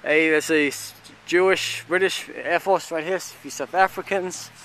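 A man giving casual, halting commentary as he walks through an outdoor cemetery, listing what he sees with many fillers. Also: on the high side, steady tone, fairly bright tone. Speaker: vlogger touring a cemetery.

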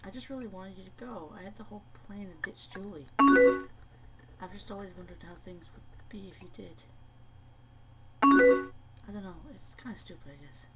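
A woman plays through a chat game and reads every message aloud, breaking off to swear and laugh at it. Her pitch bounces around a lot. She sits a little back from the mic, and loud game music runs underneath her. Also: normal speed, pauses often, far from the mic, rough recording. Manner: animated, swears and laughs between read-out lines. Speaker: let's play gamer. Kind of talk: reading game chat aloud with live reactions.

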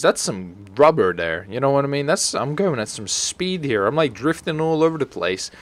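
A man's voice: mid-range voice, very animated, moderate pace, few pauses. Joking, crude gaming commentator man. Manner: joking, crude, swears freely, talks to game characters. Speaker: gaming YouTuber. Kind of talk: comedic let's-play commentary.

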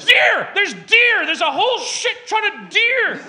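A man's voice: extremely high pitch, sing-song, unhurried, voice pushed up, full character voice. Man doing a frantic yelping dog. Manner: frantic, shouting, swearing. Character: excitable male dog barking at deer on TV.

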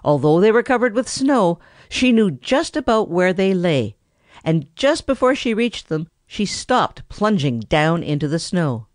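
A narrator reading a classic children's animal story aloud in a lively, expressive manner. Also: medium pitch, unhurried, no room sound, clean studio sound. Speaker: audiobook narrator.

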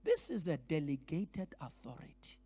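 Male pastor, high and expressive, animated workshop teaching. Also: normal speed, breathy edge. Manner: animated, switches between languages, acts out scenes. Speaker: pastor leading a leadership workshop. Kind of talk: lively church teaching. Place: church hall.

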